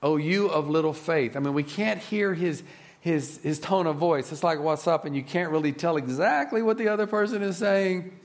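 A man preaching a sermon in an earnest, reflective way, often dropping to a soft, low voice. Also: moderate pace.

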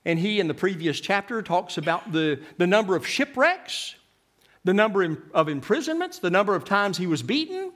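A man preaching a sermon, swinging from loud, emphatic lines to hushed ones and often repeating his words. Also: sits high, big pitch swings, moderate pace.

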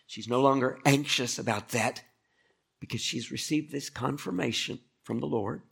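A man's voice: medium pitch, normal speed, vocal fry, fairly bright tone, breathy edge. A male pastor preaching a conversational sermon, often turning to ask the listeners questions. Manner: conversational, asks the congregation questions.

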